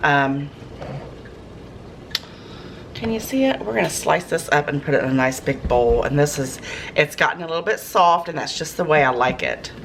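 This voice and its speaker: A woman's voice: sits low, expressive, moderate pace, creaky, pauses often, fairly bright tone, a little hiss or hum, rough recording. A woman chatting casually to camera in her home kitchen, folksy and gushing over fresh food. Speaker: home cooking vlogger. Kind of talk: casual cooking chat to camera. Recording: kitchen clatter of pots and dishes.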